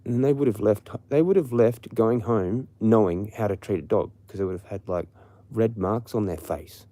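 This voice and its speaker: Brief: Australian man, livestream host, low mellow voice, rambling profane rant. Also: normal speed, dry recording. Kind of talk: late-night casual rant.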